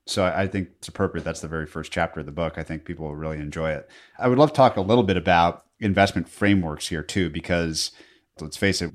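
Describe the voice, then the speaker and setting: A man co-hosting a podcast, asking long enthusiastic questions in a casual way. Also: deep voice. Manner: enthusiastic, rambling, laughs at himself. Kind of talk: casual conversational interview.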